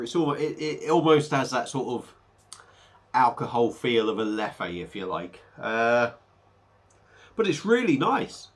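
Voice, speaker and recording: A man's voice: medium pitch, a bit bright. A man talking casually through a beer review, a little under the weather, rambling with hesitant fillers.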